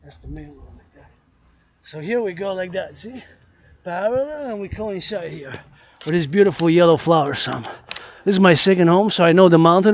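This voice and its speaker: A man's voice: high voice, lively intonation, moderate pace, no echo. A man vlogging outdoors on a mountain forest trail while walking, rambling and repeating himself, breaking into chanted freestyle rhymes. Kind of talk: walking vlog with freestyle singing.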